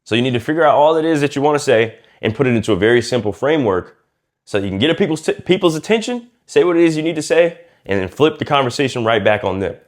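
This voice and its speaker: A man coaching viewers on speaking, casual and lively, acting out quiet and loud ways of talking and using slang as he goes. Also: mid-range voice, fast talker. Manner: lively and demonstrative, acts out quiet and loud speech. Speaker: communication coach. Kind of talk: casual instructional talk to camera.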